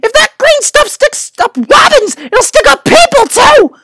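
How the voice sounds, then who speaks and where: A woman's voice: very high-pitched, very animated, measured pace, a bit bright, no room sound, studio quality, exaggerated voice. A woman reading aloud, voicing a flustered old bell ringer who murmurs and frets. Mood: fretful. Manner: murmuring, gulping, fretful.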